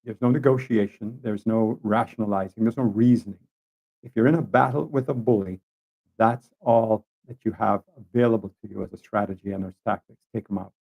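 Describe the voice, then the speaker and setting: A man from Canada hosts a casual storytelling monologue, speaking in a lowish, gravelly voice. He rambles a little, restarts phrases and turns to his listeners with asides. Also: fairly even intonation, fairly quick, highs cut off. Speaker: podcast host.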